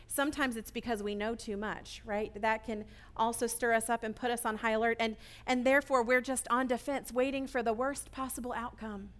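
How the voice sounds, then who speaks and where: A woman delivers an earnest sermon in a slightly high voice. She often turns to her listeners with a quick "right?" to pull them along. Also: fairly even intonation, a bit bright. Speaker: preacher.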